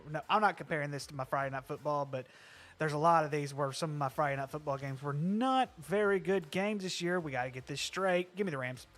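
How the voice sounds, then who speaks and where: A man co-hosting a casual sports show, enthusiastic and excitable. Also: a little high, a little fast. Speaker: podcast co-host.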